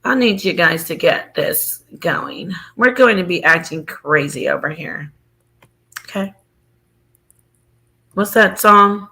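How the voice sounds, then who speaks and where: A woman hosting a casual livestream, loud and playful, joking with her chat and breaking into sing-song bits. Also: fairly low pitch, slow pace, vocal fry, long pauses. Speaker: livestream host.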